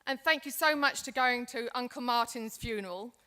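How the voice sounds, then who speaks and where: A woman's voice: fairly high pitch, normal speed, bright, forceful tone, clean tone. A woman playing an aging migrant mother and grandmother who chats affectionately on the phone with her family overseas. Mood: tender. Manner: chatty, affectionate, talking on the phone. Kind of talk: acted role-play in a seminar.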